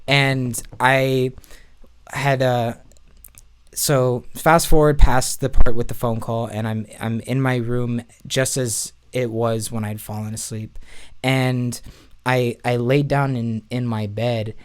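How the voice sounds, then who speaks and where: A man's voice: medium pitch, level tone, takes it slowly, clear, resonant tone. Man, podcast guest, casual storytelling, rambling, many restarts. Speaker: church musician.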